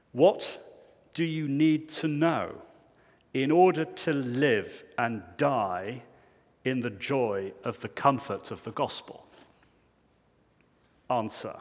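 A male pastor preaching a sermon in a church, emphatic, swinging between loud declarations and hushed low phrases. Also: long reverb tail.

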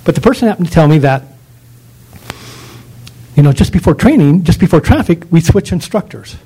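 A man's voice: fairly high pitch, lively intonation, fairly quick, mellow, husky, rough recording. A man lecturing on dog training in an emphatic, ranting way, full of rhetorical questions.

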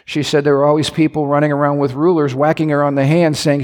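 A man's voice: a little high, level tone, quick pace, a little mellow. A male pastor preaching a sermon in a church, conversational with asides and restarts. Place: church sanctuary. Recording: long hall reverb.

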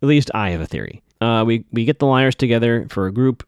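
A man talks through a TV episode in a loose, chatty podcast recap, and his pitch swings a lot as he goes. The sound is dry and close, with no room echo. He throws in skeptical, opinionated asides. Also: lively intonation, fast talker, clean tone. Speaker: podcast host.

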